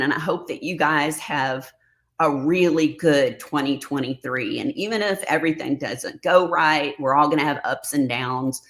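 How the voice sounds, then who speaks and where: Woman host, middle-aged, low voice, casual livestream chat, emotional and sarcastic.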